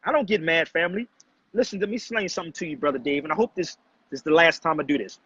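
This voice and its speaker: A man's voice: fairly high pitch, racing, pushed and bright, breathy edge. A man hosting a casual livestream, lecturing his viewers and calling out a commenter in a preachy, confrontational way. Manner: preachy, confrontational, addresses chat as family. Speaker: livestream host. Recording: dull, muffled lo-fi livestream audio.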